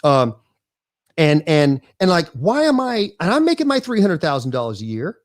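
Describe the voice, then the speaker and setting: A man in his fifties, a guest on an interview show, telling stories in an animated, rambling way full of false starts and restarts. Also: a little high, moderate pace. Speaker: guest, real estate investor. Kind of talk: casual storytelling interview.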